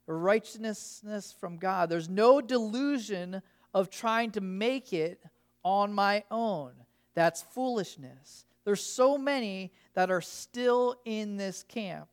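A man preaching a sermon. He talks slowly and with emphasis, leaning on phrases and repeating them for weight. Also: high voice, smooth. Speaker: pastor.

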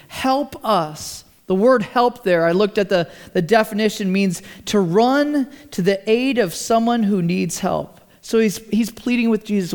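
A male pastor preaching a sermon in a conversational, animated way, briefly acting out the voices he quotes. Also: sits high.

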